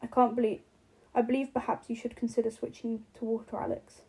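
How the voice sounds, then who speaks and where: A woman's voice: on the high side, little pitch movement, a little fast, mellow, breathy edge, poor audio. A woman reading the part of a cool, polite, smug young prince with a posh, clipped manner.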